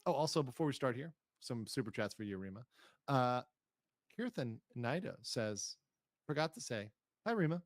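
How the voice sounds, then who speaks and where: A man's voice: mid-range voice, sing-song, normal speed, dry recording. Dry, analytical male streamer. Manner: analytical, hedging, reads chat aloud. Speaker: streamer host. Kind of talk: casual commentary reacting to clips.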